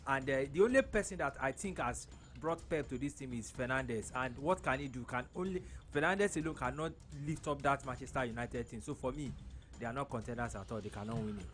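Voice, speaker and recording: A man gives opinionated football analysis on live radio, stumbling and restarting as he goes. His voice sits at a middle pitch, with a faint hum behind it. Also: a little fast, a bit bright. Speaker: studio football pundit.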